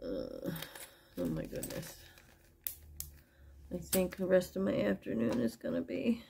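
Casual online seller, woman, gravelly low-energy delivery, unhurried, chatty. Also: wildly swooping pitch, warm tone, a little hiss or hum. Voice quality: gravelly, husky. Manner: chatty, pricing each piece aloud as she goes. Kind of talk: casual live sales chat.

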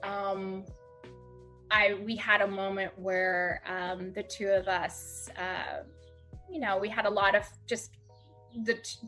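A woman podcast guest telling a personal story in a halting way, with many fillers, close to tears. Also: medium pitch, pushed and bright. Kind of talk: emotional conversational storytelling.

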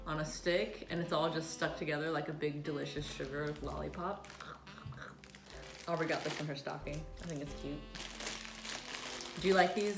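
A middle-aged woman from Minnesota hosting a casual food review chat, chatty and laughing often. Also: low-pitched. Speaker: host. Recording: echoey room with background music.

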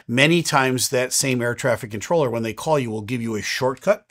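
A man's voice: mid-range voice, a little fast. Laid-back airline captain, fiftyish man. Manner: relaxed and explanatory, with frequent "uh" fillers. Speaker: airline captain answering viewer questions. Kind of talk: casual question-and-answer chat.

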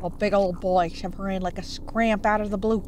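A woman's voice: mid-range voice, fairly even intonation, moderate pace, a little mellow, a little hiss or hum, pitched below the performer's own voice, lightly acted. A woman voicing a big, old, humbled male fish who talks in a folksy drawl.

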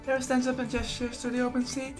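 High-voiced woman reading game narration. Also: flat delivery, fast talker, a little mellow, soft background music. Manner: earnest, emotional first-person reading. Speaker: let's play host. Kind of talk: reading visual novel narration aloud.

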